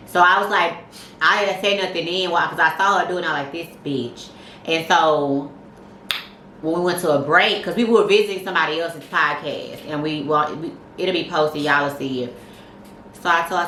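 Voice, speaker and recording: A woman's voice: fairly low pitch, a little fast, sharp tone, reverberant, a little hiss or hum, rough recording. A woman co-hosting a podcast, joking and teasing her co-host in a playful, profane way. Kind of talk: casual chat.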